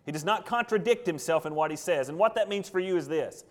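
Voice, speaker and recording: A man's voice: on the high side, animated, quick pace. A man pastor preaching a sermon, emphatic and full of rhetorical questions.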